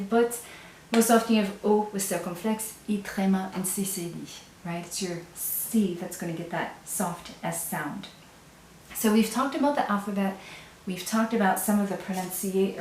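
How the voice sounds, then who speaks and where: A woman's voice: mid-range voice, a little mellow, roomy sound, a little hiss or hum. A woman teaching a language lesson patiently, step by step, often checking in with the learner. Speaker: French teacher.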